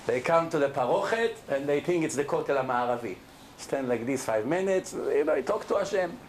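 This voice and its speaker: Middle-aged rabbi giving a torah class, pushy questions at the crowd, kinda high voice. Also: male voice, lively intonation, brisk, slight background noise. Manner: emphatic, asks the audience questions. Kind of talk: Torah lecture to a live audience.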